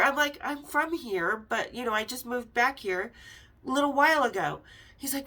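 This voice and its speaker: Frank, profane woman storyteller, high-pitched. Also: brisk, distant mic. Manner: frank and profane, with lively quoted dialogue. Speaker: podcast host. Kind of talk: casual storytelling.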